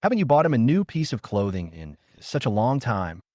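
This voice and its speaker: A man's voice: mid-range voice, sing-song, brisk, darkish tone, dry recording, clean studio sound, close to an everyday voice. A man voicing an anxious, earnest young woman who pleads with her parents. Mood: pleading. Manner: pleading, urgent, trembling.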